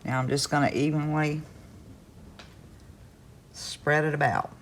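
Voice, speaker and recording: A woman's voice: low voice, steady tone, takes it slowly, slight background noise. A woman hosting a crafts vlog from her home kitchen, chatting casually to camera in a rambling way with folksy asides. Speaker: crafts vlogger host.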